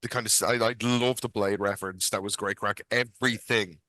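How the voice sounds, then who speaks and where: A man's voice: on the low side, fairly even intonation, brisk, sharp tone, no room sound. A man co-hosting a podcast, giving opinionated, enthusiastic film talk in casual chat. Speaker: podcast co-host.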